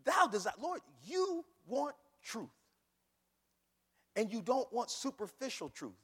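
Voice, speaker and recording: A man preaching a sermon, swinging between hushed pleading and loud cries. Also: very high-pitched, very animated, takes it slowly, husky. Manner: impassioned, swings from hushed to shouting. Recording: long hall reverb.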